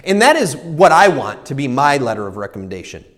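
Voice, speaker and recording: Lively, animated male pastor preaching. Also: mid-range voice, a little fast, big-room sound. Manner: animated storytelling, acts out his own inner voices. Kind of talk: sermon.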